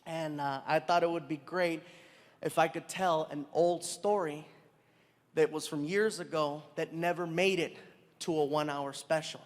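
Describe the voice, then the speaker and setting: A man doing stand-up, telling a story and acting out the people in it with quick voice changes. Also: a little high. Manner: animated, acts out characters with shifting voices. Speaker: stand-up comedian. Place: large live venue with audience laughter. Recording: live hall with crowd noise.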